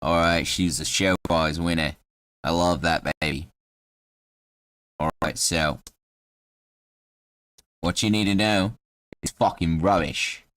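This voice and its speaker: A small, crude halfling grumbles and curses in a low, rough Cockney-style accent, as a man puts him on. He rambles with constant swearing, and his voice sounds close and dry, with no room around it. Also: slow, pauses often, fairly bright tone, dry recording. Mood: grieving, grumpy. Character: foul-mouthed male halfling with a Cockney-ish accent.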